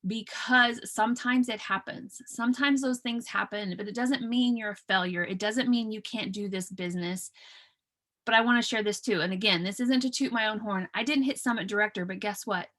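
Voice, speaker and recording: A woman's voice: medium pitch, normal speed, fairly bright tone. A woman in her thirties leading a business video call, talking in an earnest, chatty way with many fillers and restarts. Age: 30s. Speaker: team leader hosting a business call. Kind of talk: casual motivational talk on a video call.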